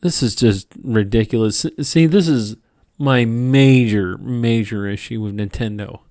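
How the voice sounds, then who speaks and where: A tired man hosting a gaming channel, ranting in a halting, profane monologue with frequent restarts. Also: medium pitch, darkish tone, dry recording, clean studio sound. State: tired from lack of sleep.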